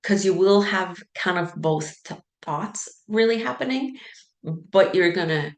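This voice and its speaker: A woman with a low, gravelly voice coaches in a relaxed, chatty way and acts out anxious inner thoughts with plenty of "like" and "right?". She sounds like she is in a roomy space with an echo. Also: measured pace. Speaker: sleep coach. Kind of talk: casual teaching talk.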